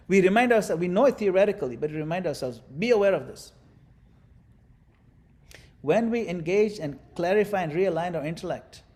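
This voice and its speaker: Leading a devotional class, a male spiritual teacher with a fairly high voice talks in a lively, demonstrative manner. He acts things out while teaching and adds playful asides.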